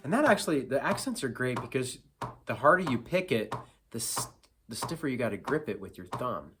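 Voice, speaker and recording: A man teaching acoustic guitar in a relaxed, self-deprecating way, counting beats aloud and filling pauses with ums. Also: medium pitch. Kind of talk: casual instructional talk. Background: acoustic guitar playing.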